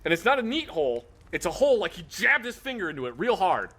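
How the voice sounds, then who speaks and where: Bright, lively male storyteller. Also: high-pitched, quick pace, faint music behind. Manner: amused, wry storytelling with quoted dialogue. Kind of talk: casual storytelling.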